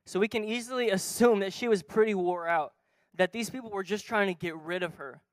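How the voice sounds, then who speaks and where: A man preaching a sermon from a church stage, retelling a story and acting out its dialogue, moving between soft and loud. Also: high-pitched, brisk, dry recording.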